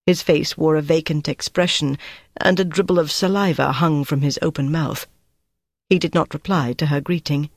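Reading from a novel, the narrator keeps a calm, even storytelling pace at a medium pitch. It's scripted audiobook narration, recorded cleanly in a studio without any room sound.

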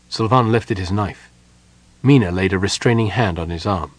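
A man narrating an audiobook in a measured, quiet way. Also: on the low side, no room sound, poor audio.

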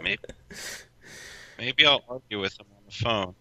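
A man co-hosting a podcast in casual chat, hesitant and musing as he thinks out loud. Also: medium pitch, measured pace, dry recording, highs cut off. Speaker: podcast co-host.

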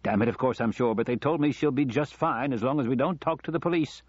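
A man playing a panicked shouting father. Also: mid-range voice, fast talker, no room sound, voice pushed up, natural voice. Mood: agitated. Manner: loud, agitated, snapping. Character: panicked middle-aged male doctor, shouting father. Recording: dull lo-fi audiobook recording.

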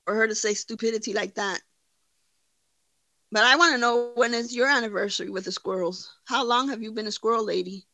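A woman's voice: fairly high pitch, brisk, sharp tone, no room sound. A woman hosting a livestream, giving blunt, profane, mocking commentary. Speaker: livestream host. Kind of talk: casual commentary.

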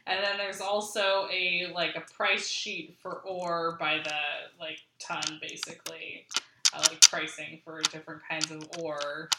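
A woman narrating as game master, unhurried and full of fillers. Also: sits low, level tone. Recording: echoey room with faint hiss.

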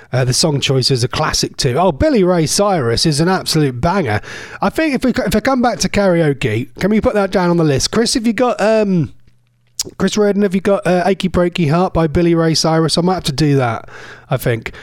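A man's voice: on the high side, darkish tone, dry recording, clean studio sound. A man hosting an online radio show from a cold home conservatory, chatting in a rambling way and correcting himself as he goes. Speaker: internet radio host. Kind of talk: casual radio chat.

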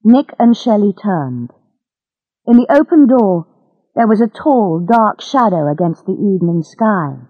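A woman reading a graded-reader story aloud in a slow, careful, clear way. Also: medium pitch, expressive, dry recording, muffled recording. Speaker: narrator. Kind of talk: graded-reader audiobook narration.

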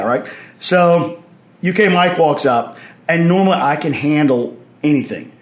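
Animated storytelling man, roomy echo. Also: on the high side, unhurried. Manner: animated anecdotes, acts out others' lines, laughs while telling. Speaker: podcast guest. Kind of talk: storytelling in casual conversation.

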